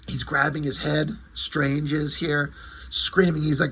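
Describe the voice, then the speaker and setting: A man casually reviewing a comic, excited and rambling as he retells the story. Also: on the high side, measured pace, slightly rough.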